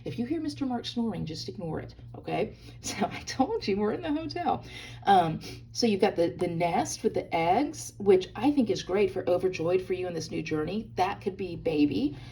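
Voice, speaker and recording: A woman's voice: medium pitch, expressive, moderate pace, gravelly, warm tone, slight background noise. A woman hosting a hands-on crafting tutorial from a hotel room, chatty and bubbly, talking straight to her viewers. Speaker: craft video host.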